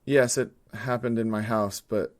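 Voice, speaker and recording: An actor playing a troubled young male patient in a game, with a flat, withdrawn delivery. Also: mid-range voice, unhurried, close to an everyday voice. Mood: glum.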